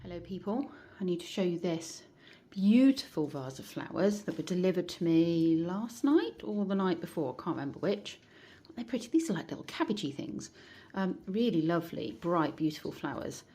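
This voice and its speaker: A middle-aged woman vlogging in a chatty, rambling way, pausing to search for words and correcting herself as she talks. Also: low voice, warm tone. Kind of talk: casual chat to camera.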